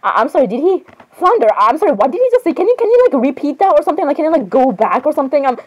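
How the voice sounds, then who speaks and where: A woman chatting in a playful role-play reaction, giggly and excitable, often apologizing. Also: high-pitched, very fast, poor audio.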